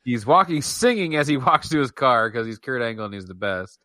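A man co-hosting a casual wrestling review podcast, animated, trailing off and laughing often. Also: medium pitch, fairly quick, dry recording. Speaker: podcast co-host.

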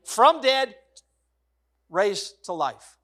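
Male pastor, middle-aged, high voice, emphatic sermon cadence, jumps from shouts to near-hush. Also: very animated, very slow. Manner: swings between loud exclamations and hushed soft passages; emphatic, repetitive preaching cadence.

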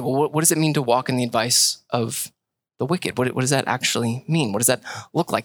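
A man's voice: medium pitch, a little fast, no room sound. A young man, preaching a sermon in a conversational style, repeating phrases for emphasis. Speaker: pastor.

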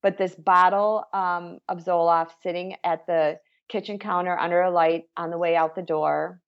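A middle-aged woman telling her personal story as an interviewee, in a halting, emotional way with frequent restarts. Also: on the low side, fairly even intonation, muffled recording. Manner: emotional, halting retelling with self-corrections.

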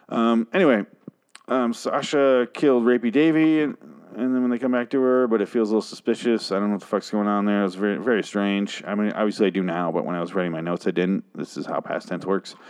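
Low-voiced man ranting through a recap. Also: darkish tone. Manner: rambling, sarcastic, profane. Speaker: show recap host. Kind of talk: casual profane TV recap.

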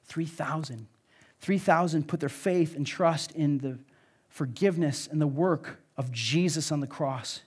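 Earnest Midwestern pastor, slightly high voice. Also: male voice, measured pace, slightly rough. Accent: Midwestern American. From American Midwest. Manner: earnest and conversational, with many fillers and restarts. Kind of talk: sermon.

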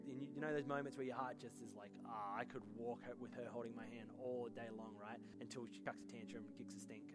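A man in his thirties preaching a sermon as pastor, animated and rising to fervent peaks. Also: mid-range voice.

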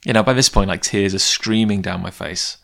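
A man with a very low, deep voice tells a long personal story in a loose, casual way. He wanders off on tangents and pokes fun at himself as he talks about his comics work. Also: a little fast, gravelly, fairly bright tone. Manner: rambling, goes off on tangents. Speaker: comic book creator.

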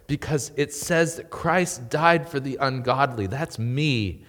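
A man preaching a sermon as pastor, emphatic and swinging between loud and quiet. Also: mid-range voice, lively intonation, takes it slowly, hardly any pauses, long reverb tail. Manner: emphatic preaching with rising and falling intensity. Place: church.

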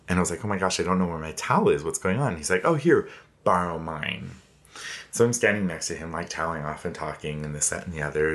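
Very deep-voiced man telling his story. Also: fairly bright tone. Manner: candid, reflective, with frequent fillers. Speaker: interviewee. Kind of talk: personal storytelling.

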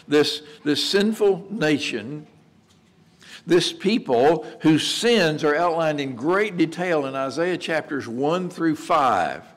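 A man preaching a sermon in a conversational way, asking rhetorical questions and repeating words as he restarts. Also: on the high side. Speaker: pastor.

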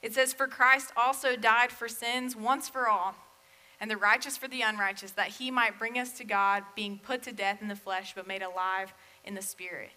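A woman's voice: mid-range voice, fairly even intonation, moderate pace, pushed and bright, rough recording. A young woman giving a casual sermon, chatty and full of fillers, with self-deprecating asides.

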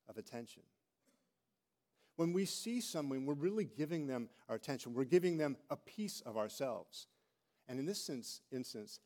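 A middle-aged man preaching a sermon as a pastor, telling stories with animated delivery and acting out quoted voices. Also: mid-range voice.

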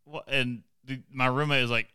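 A man's voice: mid-range voice, fairly even intonation, moderate pace, bright, forceful tone, clean tone, dry recording. A man with an Eastern Kentucky accent chatting casually on a podcast, rambling and self-deprecating, laughing often. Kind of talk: casual chat.

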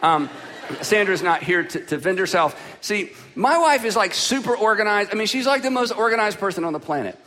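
Man preaching, high voice, lively conversational delivery, joking asides, long hall echo. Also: brisk, slight background noise. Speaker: pastor. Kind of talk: sermon.

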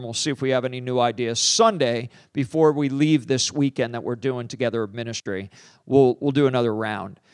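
A middle-aged man, a pastor, preaching by telling a story, acting out the dialogue with jumps in pitch and loudness. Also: no echo. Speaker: pastor and teacher on deliverance. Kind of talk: storytelling sermon.

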